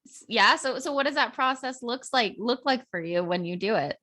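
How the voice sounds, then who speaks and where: A woman's voice: a little high, expressive, normal speed, sharp tone. A woman hosting a podcast, asking curious questions in a casual way, full of "like" fillers. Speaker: podcast host. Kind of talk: casual interviewing.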